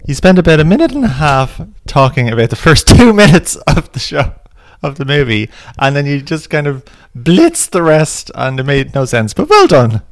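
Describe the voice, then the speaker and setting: A man's voice: a little high, huge pitch swings, moderate pace, hardly any pauses, no room sound, clean studio sound. A man co-hosting a casual podcast, joking and teasing his co-host.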